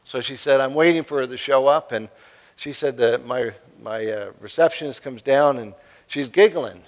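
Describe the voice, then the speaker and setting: A man's voice: mid-range voice, normal speed. A middle-aged man from the East Coast giving a keynote speech at a college convocation, telling humorous anecdotes and acting out the voices of the people in them. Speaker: keynote speaker. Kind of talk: storytelling speech. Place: convocation hall.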